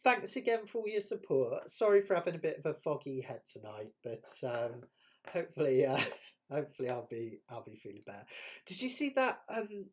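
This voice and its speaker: A man's voice: mid-range voice, big pitch swings, brisk. A man from the West Country of England with a West Country accent, hosting a live ukulele jam stream in a chatty, self-deprecating way and laughing often. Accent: West Country English. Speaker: ukulele teacher and jam host. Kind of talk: casual live-stream chat.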